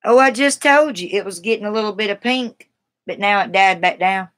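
A woman's voice: medium pitch, a little fast, a bit bright. A woman from the American South with a Southern accent, chatting casually and rambling to viewers on a live stream. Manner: chatty, rambling, laughs easily.

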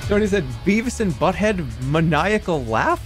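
Excitable male streamer with a bouncy voice. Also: on the high side. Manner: excitable, yelps and swears, breaks into laughter. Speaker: live streamer. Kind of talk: casual live-stream chatter while gaming.

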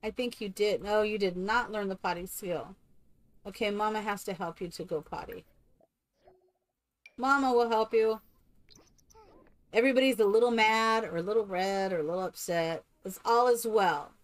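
A woman's voice: mid-range voice, normal speed, long pauses. A woman streaming a game live, chatting casually and coaxing her characters like a doting mother.

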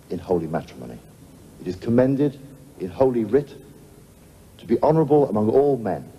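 An actor playing a vicar who intones the wedding service in a TV drama clip. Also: male voice, fairly low pitch, warm tone, slightly rough. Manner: slow, intoning. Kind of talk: solemn wedding liturgy. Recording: dull archive TV clip with reverb.

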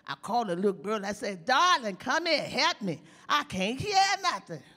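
A woman's voice: mid-range voice, expressive, unhurried, fairly bright tone. An actress playing a bawdy older woman comedian, telling teasing stories in a live stage comedy monologue. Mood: storytelling. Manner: bawdy, teasing, drawls and chuckles through punchlines. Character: sassy old woman comedian, bawdy storyteller. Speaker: stand-up comic in a stage play. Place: large theater stage with audience. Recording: long reverb of a large hall.

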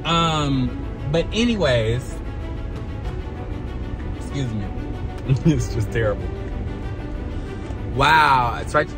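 A man vlogging in casual chat from his parked car, excitable and full of slang, with the hiccups. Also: medium pitch, very slow, pauses often, music in the background. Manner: excitable slang-heavy talk with many restarts.

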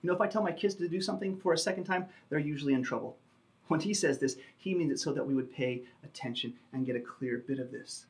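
A man preaches from the pulpit in an emphatic, teaching style, his voice sitting a little high for a man. He leans into key words and often pauses with small fillers as he explains the text. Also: darkish tone. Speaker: pastor. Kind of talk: sermon.

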